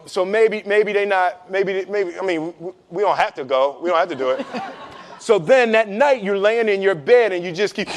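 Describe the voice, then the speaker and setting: A man telling a lively personal story to an audience, laughing often and restarting his words as he goes. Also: sits high. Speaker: guest speaker telling a story. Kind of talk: animated anecdotal storytelling.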